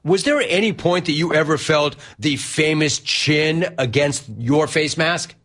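A man's voice: a little high, a little slow, fairly bright tone. A man hosting a sports talk show, interviewing a guest in an enthusiastic, emphatic way and repeating words for stress. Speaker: sports radio host.

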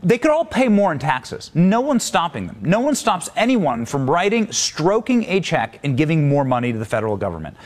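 A man with a fairly high voice jokes through a political chat. He sounds sarcastic and mocking. His pitch swings widely as he talks. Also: big pitch swings, normal speed, hardly any pauses. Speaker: co-host. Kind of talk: casual political banter.

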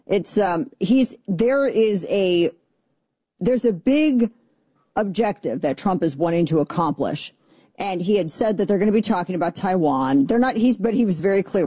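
A woman's voice: medium pitch, expressive, moderate pace, dark tone, slightly rough, dry recording. A middle-aged woman hosting a political radio talk show, chatty, opinionated and sarcastic. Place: radio studio.

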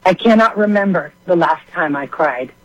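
A middle-aged woman phones in to a talk show, her voice husky and fairly high for a caller. She talks in a worked-up, impassioned way. The line is muffled and lo-fi, with a dry, close sound. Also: lively intonation, normal speed, no room sound. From Oregon. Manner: impassioned, riled up. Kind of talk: call-in talk radio.

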